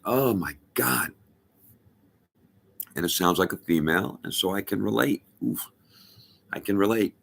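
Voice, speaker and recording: A middle-aged man telling a personal story as testimony, halting and emphatic with many restarts. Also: sits low, vocal fry. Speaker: storyteller addressing a rabbi.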